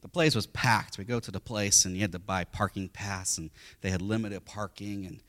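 A man's voice: on the low side, fairly even intonation, moderate pace, a bit bright. A middle-aged man, a pastor, preaching a sermon through family stories, acting out what people say. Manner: storytelling, acts out quotes, repeats words.

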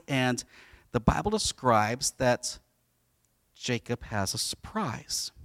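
A man's voice: medium pitch, fairly bright tone, no room sound, clean studio sound. Casual storytelling pastor, man. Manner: casual storytelling, acts out the voices. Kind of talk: sermon.

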